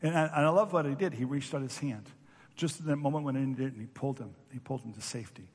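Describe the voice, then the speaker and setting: A man's voice: medium pitch, quick pace, slightly rough, long reverb tail. A man preaching a sermon as pastor, telling stories animatedly and acting out voices.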